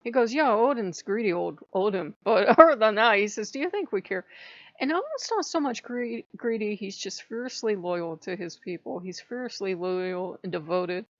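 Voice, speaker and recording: A woman with a medium-pitched, expressive voice speaks at a moderate pace with few pauses. She's a pagan spiritual vlogger, tired and up late, giving a casual, candid, rambling monologue with occasional swearing and self-mockery. The audio is dull, with no room sound.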